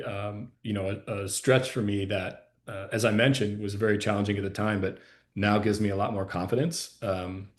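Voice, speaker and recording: A man from Ohio with a fairly low voice answers questions at an easy pace. He pauses often on ums and you-knows, choosing his words as he goes. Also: darkish tone. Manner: measured, hesitant, many ums and you-knows. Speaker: podcast guest. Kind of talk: casual interview chat.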